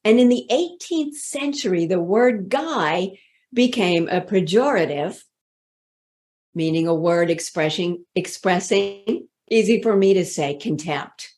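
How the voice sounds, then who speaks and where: A woman leadership speaking coach giving a motivational workshop talk in a deliberate, inviting way. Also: mid-range voice, animated, darkish tone. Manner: slow, deliberate, inviting delivery.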